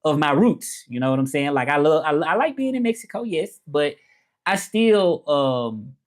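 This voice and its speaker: A man's voice: fairly high pitch, very animated, moderate pace. Laid-back Memphis man chatting on stream. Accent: Memphis Southern. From Memphis, Tennessee. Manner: laid-back, rambling, frequent fillers and "you know what I'm saying". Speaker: livestream host. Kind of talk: casual livestream chat with viewers.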